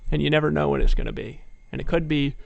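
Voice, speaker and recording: A man's voice: fairly high pitch, fairly even intonation, fast, creaky, no echo, highs cut off. A man giving a persuasive motivational sales talk, telling stories and firing off rhetorical questions. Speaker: network marketing presenter.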